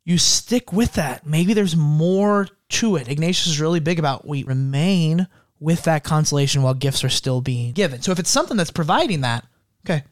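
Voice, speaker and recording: A man in a casual faith discussion, speaking in a calm, instructive, measured way. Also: fairly high pitch, no room sound, studio quality.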